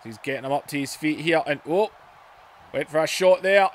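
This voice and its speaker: A man giving play-by-play wrestling commentary over a video game, excitable, dropping to low muttering and then shouting at the big moves. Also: normal speed, a little hiss or hum. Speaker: gaming YouTuber.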